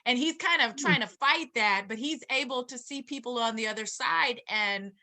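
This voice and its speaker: A woman's voice: fairly high pitch, moderate pace, pushed and bright. A woman co-hosting a talk show who chats casually and links the talk to films. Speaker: co-host, attorney.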